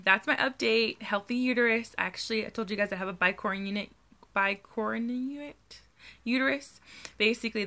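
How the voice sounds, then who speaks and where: A woman's voice: mid-range voice, pushed and bright. A young adult woman speaking candidly and earnestly in a personal video diary, addressing her viewers directly. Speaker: vlogger.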